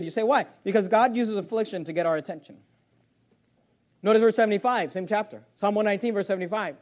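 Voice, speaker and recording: A man preaching a sermon as pastor, swinging from loud, stretched emphasis to hushed, low delivery. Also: fast talker.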